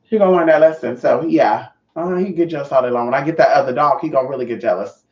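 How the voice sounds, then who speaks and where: A man's voice: medium pitch, fast talker, echoey room, dull audio. A sassy man chatting casually on a livestream, swearing freely and greeting viewers by name. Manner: sassy, profane, chatty, reads viewer comments. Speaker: vlogger.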